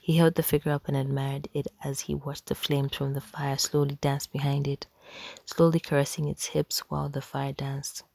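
A woman reads a tale in a hushed, unhurried whisper. Her voice sits low with a gravelly edge. The sound is dry and close. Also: level tone, dry recording. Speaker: storyteller. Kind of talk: whispered storytelling.

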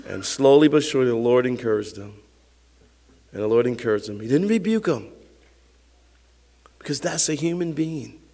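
An older man, a pastor, preaching a sermon with emphatic swells that sink to hushed, close tones, chuckling now and then. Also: medium pitch, husky. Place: church sanctuary. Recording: long reverb of a church hall.

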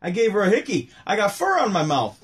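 A man putting on a brash male stand-up comic, firing off punchlines in a punchy, exclaiming delivery with a husky voice. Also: high voice, wildly swooping pitch, a little fast, voice pushed up. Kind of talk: stand-up impression.

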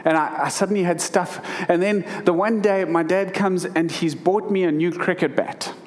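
A man's voice: high-pitched, steady tone, normal speed. A man in his thirties preaching a sermon, reading scripture and then telling a personal story earnestly, with emotion and frequent restarts. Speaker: pastor.

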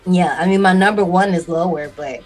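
A young woman talks casually on her podcast in a fairly low voice, animated and quick to laugh. Faint music sits under her voice. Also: rough recording. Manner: animated, laughs often, uses y'all. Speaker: podcast co-host. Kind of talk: casual chat.

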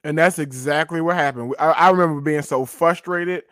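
A man's voice: fairly high pitch, brisk, fairly bright tone, dry recording, studio quality. A man co-hosting a casual faith discussion, telling his own story with laughing asides. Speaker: podcast co-host.

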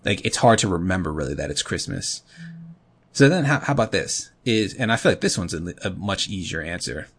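A man's voice: low-pitched, expressive, fairly quick, a bit bright, slight background noise. A man co-hosting a podcast in casual chat, telling rambling stories full of fillers. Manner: rambling storyteller, heavy on fillers. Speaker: podcast co-host.

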